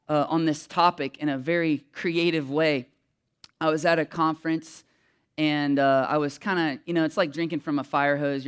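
Emotional pastor preaching conversationally. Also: male voice, fairly high pitch, smooth. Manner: candid and conversational, with many fillers and asides. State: emotional, voice catching. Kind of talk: sermon.

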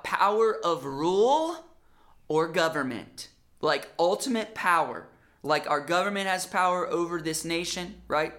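Brief: lively conversational preacher, bright forceful tone, middle pitch. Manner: animated, conversational, acts out quotes. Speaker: pastor. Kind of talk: sermon.

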